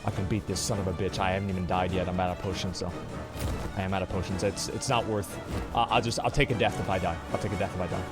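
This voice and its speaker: A man streaming a video game, commenting live as he fights a boss, cursing and yelling at it, then muttering quietly to himself. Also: deep voice, steady tone, fast. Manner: swears and yells at the game boss. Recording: game music behind the voice.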